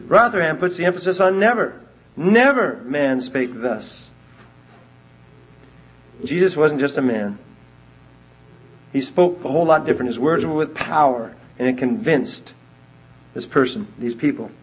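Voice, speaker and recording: A man giving a verse-by-verse Bible teaching, emphatic and animated as he reads scripture aloud and explains it. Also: on the high side, breathy edge. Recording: dull lo-fi recording.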